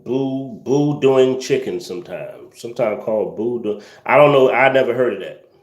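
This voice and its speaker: A man's voice: medium pitch, darkish tone, reverberant. A man hosting a casual livestream, reading viewer comments and ranting with incredulous laughter and slang.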